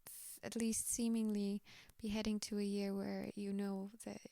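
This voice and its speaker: A woman with a slightly tired voice giving a gentle, reassuring pick-a-card tarot reading, often dropping to a whisper. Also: medium pitch, little pitch movement, normal speed, gravelly, no room sound, clean studio sound.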